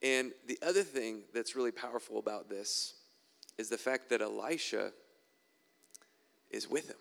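A man's voice: medium pitch, normal speed, gravelly, a bit bright, big-room sound. A man preaching a sermon and reading scripture aloud, conversational with wry asides.

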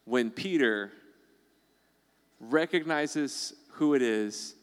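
A man's voice: mid-range voice, extremely slow, smooth, in a large hall. A man preaching a sermon as pastor, in a conversational way, acting out the voices of the people he quotes.

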